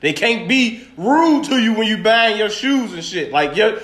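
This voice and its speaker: A man's voice: sits high, animated, unhurried, fairly bright tone. Man insistently making his case. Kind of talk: casual chat. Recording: roomy room.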